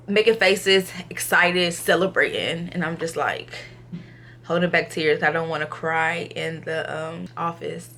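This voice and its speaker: A young woman vlogging to camera, retelling an ultrasound visit casually, acting out what others said, sometimes subdued and low in energy. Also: slight background noise. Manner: animated retelling, acts out others' quotes, filler-heavy.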